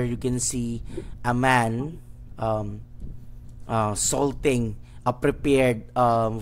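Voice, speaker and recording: A medium-pitched man runs a tabletop game as game master, narrating haltingly and using many fillers.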